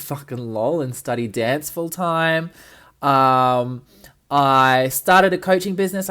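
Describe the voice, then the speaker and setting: A young woman hosting a casual solo podcast, chatty and cheeky, swearing freely with lots of ums, recorded in an apartment. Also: extremely low pitch. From Australia. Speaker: podcast host. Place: friend's apartment.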